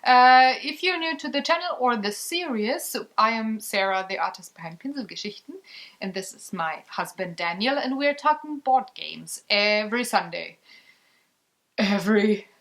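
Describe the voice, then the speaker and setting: A woman's voice: on the high side, expressive, moderate pace, a bit bright, low-quality recording. Brief: young woman host, German first language, cheerful and giggly, casual couch chat. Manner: giggly, cheerful sign-offs. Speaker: vlog host. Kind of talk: casual board game chat.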